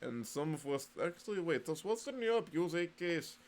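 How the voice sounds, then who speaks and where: A man's voice: fairly high pitch, animated, moderate pace, a little mellow. A man vlogging in a casual, rambling monologue, sardonic and full of swearing.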